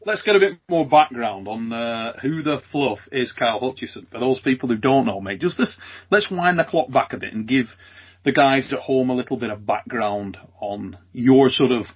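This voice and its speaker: A male interviewer and channel host runs a casual chat, joking and laughing often and calling his guest "mate" and "son." His husky, mid-range voice has lively intonation at a moderate pace. The audio is muffled and lo-fi.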